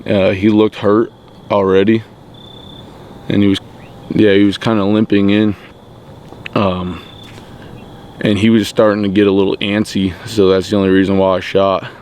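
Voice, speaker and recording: Low-pitched man, flat delivery, trembling with excitement, breathless, halting, repeats himself, outdoors. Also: slight background noise. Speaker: hunter. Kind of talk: excited field vlog talk.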